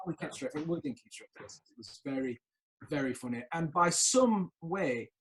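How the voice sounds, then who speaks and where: A man's voice: on the high side, expressive, moderate pace, a bit bright, low-quality recording. A man hosting a casual podcast chat, telling theatre stories animatedly and laughing often. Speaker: podcast host.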